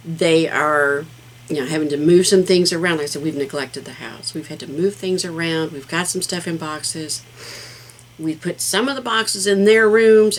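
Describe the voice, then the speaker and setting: A woman's voice: low-pitched, rough recording. Rambling, heartfelt middle-aged woman vlogger. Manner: rambling and heartfelt, with many fillers. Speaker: craft channel host. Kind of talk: casual vlog chat.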